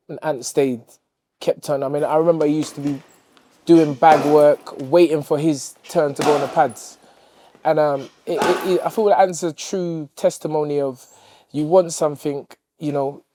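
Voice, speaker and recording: A man's voice: on the high side, mellow, dry recording. A middle-aged man, a boxing coach talking earnestly about his fighter. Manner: earnest, reflective, with playful bickering. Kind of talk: interview and gym banter.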